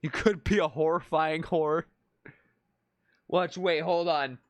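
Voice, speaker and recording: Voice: medium pitch, fairly even intonation, slow, no room sound. A streamer giving casual live commentary, thinking aloud and often stammering into restarts.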